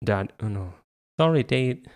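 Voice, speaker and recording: A man voicing an eager, whiny young boy in a high childish voice for an audiobook. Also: expressive, measured pace. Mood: tearful.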